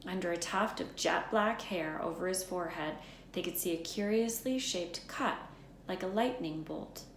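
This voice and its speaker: A woman teacher reads a chapter book aloud in an unhurried storytelling manner. Her voice sits a bit low and rings in a roomy room, with a faint hum behind. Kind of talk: read-aloud storybook narration. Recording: roomy echo, faint background noise.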